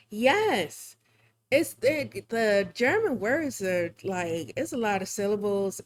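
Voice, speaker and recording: A woman streaming live while drawing, chatting casually in a rambling, chatty way with frequent laughs. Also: mid-range voice. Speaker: live-streaming digital artist.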